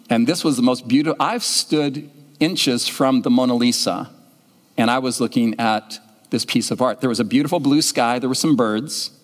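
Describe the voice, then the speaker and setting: A man preaching a sermon as pastor, telling a story in an animated way and acting out the people in it. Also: medium pitch. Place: church sanctuary. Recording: long church-hall reverb.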